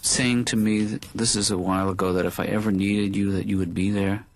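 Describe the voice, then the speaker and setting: An actor voicing a mild, anxious middle-aged male therapist in a cartoon, talking in a deadpan, hesitant mumble. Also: on the low side, fairly quick, dry recording, faint music behind. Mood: dry.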